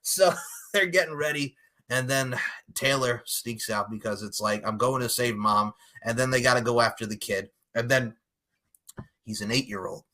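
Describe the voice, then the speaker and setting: A man's voice: mid-range voice, normal speed. A man co-hosting a podcast, recapping a movie in casual chat, swearing freely and acting out the characters' lines. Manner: animated, profane, acts out characters' lines. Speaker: podcast co-host.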